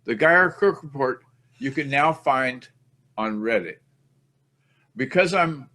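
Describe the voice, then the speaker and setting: A man's voice: medium pitch, expressive, measured pace, long pauses, sharp tone. A man hosting a podcast in a rambling, chatty way, poking fun at himself as he goes. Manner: rambling, chatty, self-mocking. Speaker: podcast host. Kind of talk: casual podcast chat.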